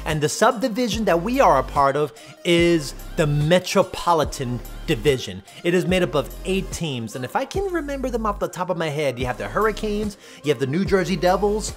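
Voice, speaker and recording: A man's voice: a little high, a bit bright. A man giving casual, rambling voice-over commentary on his own speed painting, thinking aloud with frequent restarts.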